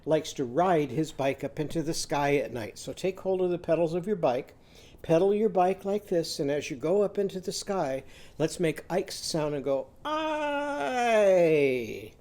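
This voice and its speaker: A man's voice: a little high, normal speed, warm tone. A man teaching a children's literacy lesson, patiently guiding young listeners through sounds and letters.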